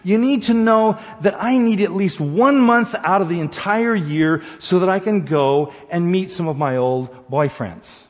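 Gushing young bride-to-be, high and breathless, played by a male preacher; muffled, reverberant hall. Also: a little slow, hardly any pauses. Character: gushing young woman newly engaged. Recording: dull sound in reverberant hall.

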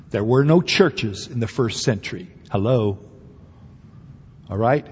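Slow, husky-voiced pastor in a reverberant hall. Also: male voice, medium pitch, lively intonation. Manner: emphatic, conversational preaching with repeated rhetorical questions. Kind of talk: sermon. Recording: dull audio with long hall reverb.

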